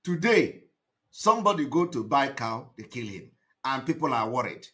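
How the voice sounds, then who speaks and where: A man giving a live broadcast monologue, emphatic and repetitive, breaking into shouted outbursts. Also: mid-range voice, sing-song, normal speed. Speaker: activist broadcaster.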